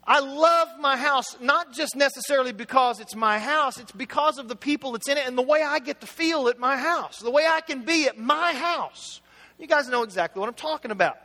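A middle-aged pastor delivers a chatty, anecdotal sermon directly to his congregation, his very high voice bright and forceful. He speaks a little fast, and the recording carries hall reverb.

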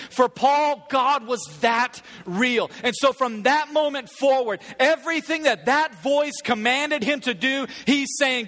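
A man delivers a sermon in a strikingly high, sharp-edged voice. He talks casually and with humor, as if chatting with the congregation. Key points come back as emphatic, repeated phrases. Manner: casual, humorous, conversational preaching. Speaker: preacher.

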